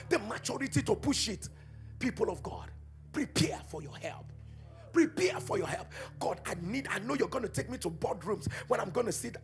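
A man preaching a charismatic sermon, swinging between quiet teaching and shouted, chanted prayer declarations. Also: high voice. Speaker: pastor.

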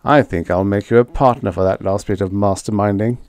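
A man's voice: fairly low pitch, fairly even intonation, fairly quick, darkish tone, no echo, natural voice. A man voicing a glib young TV producer who talks in an airy, wisecracking way. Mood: breezy.

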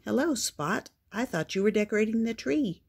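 A woman voicing a kind father dog in a storybook, gentle and calm. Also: fairly high pitch, normal speed, vocal fry, husky, pitched above the performer's own voice, exaggerated voice.

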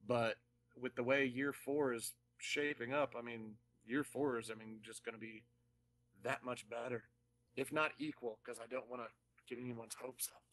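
Laughing animated man chatting. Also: mid-range voice, no room sound. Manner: animated, laughing, quick asides. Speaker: band member guest. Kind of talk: casual podcast chat.

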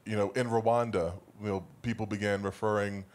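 A man speaking as a panelist in a live discussion, explaining points in a measured, scholarly way. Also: lowish voice, flat delivery, darkish tone.

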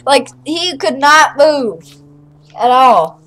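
Young woman, high voice, bouncy pitch, unhurried, playful game chatter. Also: animated, a bit bright. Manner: playful, silly, narrates her own actions. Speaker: channel host playing a game. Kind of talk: casual gameplay chat.

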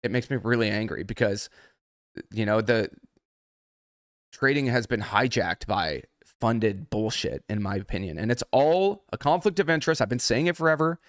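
This livestream rant comes from a male trading mentor who is angry and heavily profane. His voice sits lowish and moves at normal speed, recorded in clean studio sound without any room tone.

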